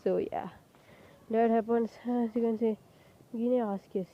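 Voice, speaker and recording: A woman casually retelling a fan story, halting often, padding with filler phrases and correcting herself. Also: on the high side, steady tone, phone-quality sound.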